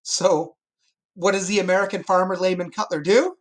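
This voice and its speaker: Man teaching a lively history class. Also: sits high, normal speed. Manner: lively, joking, explains with a map.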